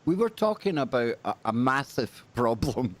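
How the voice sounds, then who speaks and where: A man's voice: medium pitch, sing-song, normal speed. A man hosting a podcast in casual chat, joking and making puns, poking fun at his own speaking. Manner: jokey, self-deprecating, punning. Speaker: podcast host.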